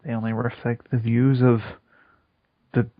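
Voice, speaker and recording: A man's voice: medium pitch, little pitch movement. Wry young male co-host, lo-fi sound. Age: young adult. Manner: dry, wry, quick to joke. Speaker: podcast co-host. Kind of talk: casual comedy chat. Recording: dull, lo-fi sound.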